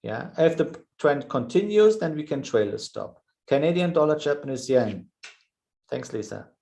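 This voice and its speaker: A man's voice: fairly high pitch, lively intonation, normal speed, creaky, mellow, low-quality recording. A man hosting a live trading webinar, thinking aloud over charts with frequent "yeah" fillers. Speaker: trading show host.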